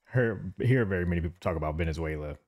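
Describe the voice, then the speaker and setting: A man's voice: low voice, fast, slightly rough. A man from south Texas hosting a casual chat, reacting with disbelief and restarting his sentences. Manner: expressive, incredulous reactions with restarts. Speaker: host.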